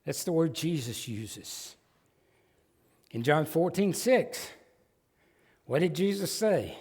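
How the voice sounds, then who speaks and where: A man's voice: a little high, sing-song, takes it slowly, darkish tone, slightly rough. A man with a Southern American accent preaching a sermon as pastor, folksy and emphatic with joking asides. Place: church sanctuary. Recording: long church hall reverb.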